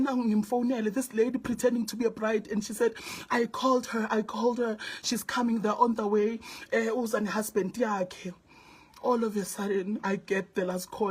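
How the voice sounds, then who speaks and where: A woman's voice: mid-range voice, level tone, fast talker, breathy edge. A distraught South African woman telling viewers a story, her voice tearful, dropping to whispers and rising to pleading. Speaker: vlogger.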